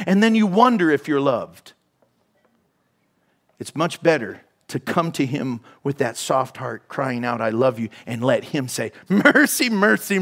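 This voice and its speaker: High-voiced guy preaching in church, storytelling, goes quiet and whispery sometimes. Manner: animated storytelling, drops to soft whispers for emphasis. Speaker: pastor. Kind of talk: sermon. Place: church hall.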